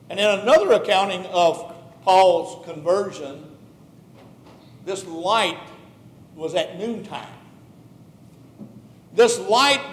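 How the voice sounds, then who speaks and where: A man from Texas preaching a sermon in a church, telling his story earnestly with building emphasis. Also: sits high. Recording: echoey church hall recording.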